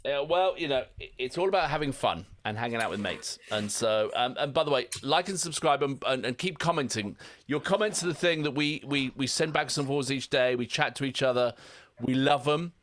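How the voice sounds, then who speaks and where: A man with an English accent co-hosting a music reaction show, chatting and joking in a casual, animated way. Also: medium pitch, fairly quick, a little hiss or hum. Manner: animated, self-deprecating, chatty. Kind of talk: casual banter.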